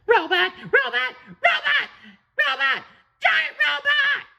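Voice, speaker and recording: Super high squealy panicky sponge kid, storybook voice, wild swoops. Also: male voice, big pitch swings, slow, vocal fry, sharp tone, heavily acted. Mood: panicked. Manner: shrill panicked shrieking. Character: frantic excitable young male sea sponge. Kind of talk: storybook read-aloud.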